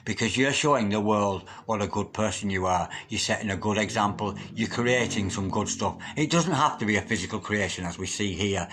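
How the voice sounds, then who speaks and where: A man's voice: on the low side, fairly quick, hardly any pauses, fairly bright tone. A man giving a solo tarot reading, effusive and emotional, often repeating chanted invocations. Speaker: tarot reader.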